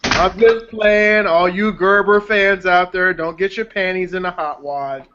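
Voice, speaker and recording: A friend drawls through slow, teasing banter in a casual chat. The sound is dull and lo-fi, with clear noise hanging underneath the voice. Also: mid-range voice, fairly even intonation. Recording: muffled lo-fi recording with noise.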